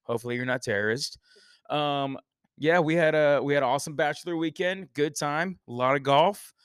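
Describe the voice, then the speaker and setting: A man's voice: on the high side, a little fast, smooth, no echo, studio quality. A man hosting a casual sports podcast, joking and rambling through banter with his co-host. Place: Texas.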